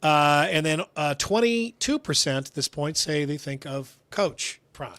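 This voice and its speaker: A man's voice: a little high, animated, unhurried, fairly bright tone, no room sound. A man chatting playfully on a casual sports talk show. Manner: playful, jokey. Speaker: radio show regular.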